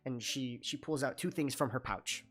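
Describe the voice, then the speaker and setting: A man's voice: medium pitch, normal speed, breathy edge, soft background music. A man narrating a tabletop game as dungeon master, loose and full of fillers.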